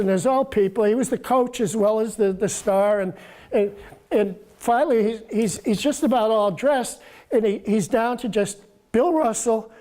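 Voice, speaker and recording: A man in his seventies with a soft voice, telling stories in a halting, casual way as a guest author. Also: high-pitched. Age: 70s. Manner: halting, repeats words, chuckles through stories. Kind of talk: casual storytelling talk.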